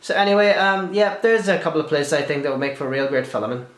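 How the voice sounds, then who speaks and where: Young guy, casual Q&A vlogger, fairly high voice, talkative with blunt swearing, echoey room. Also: quick pace. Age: young adult. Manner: chatty, swears freely, animated asides. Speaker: video blogger. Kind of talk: casual Q&A vlog.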